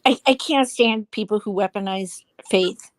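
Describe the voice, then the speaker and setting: A woman's voice: medium pitch, unhurried, dry recording. A woman co-commentating casually, indignant and emphatic.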